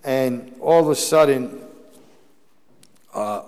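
A man's voice: medium pitch, takes it slowly, darkish tone. Male priest preaching in a reverberant hall. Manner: storytelling preacher, rising emphatic bursts, frequent restarts. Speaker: Catholic priest preaching a mission. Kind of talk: sermon.

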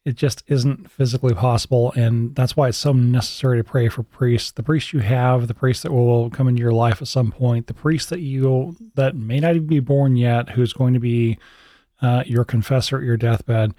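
A man's voice: mid-range voice, fairly even intonation, normal speed, dark tone, no room sound. A male podcast host speaking earnestly, a little hesitantly, with fillers. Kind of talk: casual chat.

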